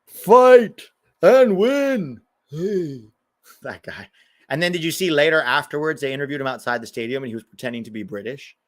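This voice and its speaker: A man's voice: mid-range voice, fast talker, pushed and bright. An American man hosting a live match watch-along, chatting casually with a sarcastic, riffing manner between reactions to the game.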